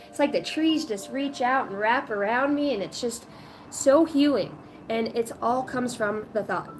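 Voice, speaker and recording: A woman in her late thirties chatting casually on a spiritual livestream, rambling and animated, often laughing. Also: medium pitch, noisy background. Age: 30s. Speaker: spiritual reader.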